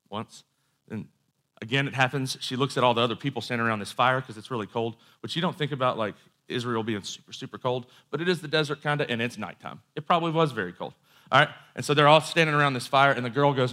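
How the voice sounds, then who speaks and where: A man's voice: mid-range voice, quick pace, pushed and bright. A man preaching a sermon in a conversational storytelling way, with asides and quoted voices.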